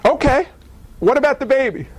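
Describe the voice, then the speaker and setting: A man voicing the angel Gabriel as an excitable male messenger who fires off rapid, disbelieving questions. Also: very high-pitched, pitched above the performer's own voice. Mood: incredulous.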